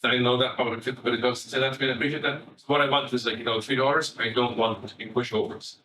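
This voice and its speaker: A middle-aged Irish man, a family psychotherapist, giving an animated, conversational public talk and swearing casually. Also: medium pitch, very fast, echoey room, far from the mic, crowd noise, low-quality recording. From Ireland.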